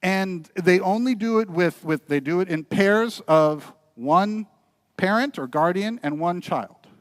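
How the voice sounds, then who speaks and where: Male pastor, storytelling sermon voice, slightly high, dry close sound. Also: animated, unhurried, dry recording. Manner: storytelling, building to earnest, quieter exhortation. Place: church.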